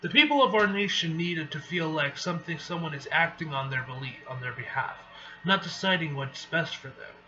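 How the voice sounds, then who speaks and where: A man reading the lines of an earnest young heroine in a halting way. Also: a little high, lively intonation, music in the background, close to an everyday voice. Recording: dull lo-fi with faint hiss.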